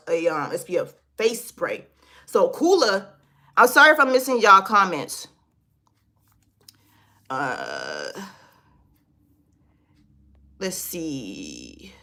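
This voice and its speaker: A woman's voice: fairly low pitch, bright, forceful tone. A woman hosting a casual beauty livestream from her desk, chatting loosely and talking straight to her viewers while reading their comments.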